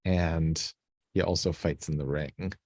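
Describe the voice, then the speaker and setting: A man's voice: extremely low pitch, steady tone, unhurried, a little mellow, dry recording, studio quality. A man co-hosting a podcast, chatting and joking enthusiastically while recapping a TV episode. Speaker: podcast co-host. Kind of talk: casual chat recapping a TV episode.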